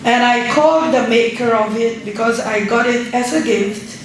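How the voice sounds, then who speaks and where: A middle-aged woman from Suriname, giving an unhurried, conversational guest lecture as an ambassador and often checking in with her audience. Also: fairly high pitch, a little hiss or hum. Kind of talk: public lecture. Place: large university lecture hall. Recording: very echoey hall, faint room ambience.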